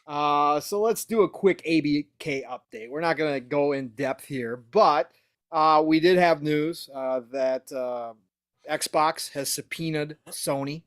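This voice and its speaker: A man hosting a gaming podcast in casual chat, animated and full of "uh" fillers. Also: a little high, measured pace, clean tone, dry recording, studio quality. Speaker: podcast host.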